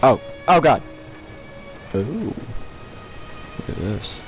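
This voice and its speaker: A man's voice: medium pitch, very animated, drawn-out words, faint music behind. A young man giving casual let's-play commentary at his computer, breaking into panicky yelps and shrieks and laughing often. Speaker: gamer.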